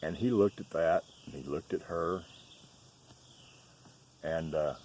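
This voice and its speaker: Deep-voiced Southern man telling stories. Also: animated, moderate pace, long pauses, a little mellow, slightly rough. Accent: Southern US (Georgia). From Southern United States. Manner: chatty, folksy, easygoing. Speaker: farm vlogger. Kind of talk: casual storytelling chat. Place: outdoors on a rural farm.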